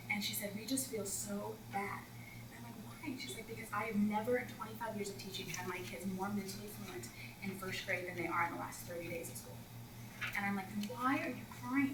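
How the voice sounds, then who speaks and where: A woman's voice: a little high, brisk, reverberant, distant mic, noisy background. A woman teacher coach telling classroom stories to an audience of teachers, acting out the children's voices. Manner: animated, acts out children's voices. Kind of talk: storytelling workshop talk.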